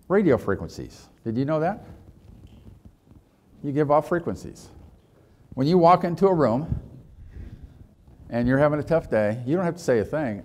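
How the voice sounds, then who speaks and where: A man's voice: mid-range voice, a little mellow. Male leadership trainer, storytelling workshop talk, asks the room lots of questions. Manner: rhetorical questions to the audience.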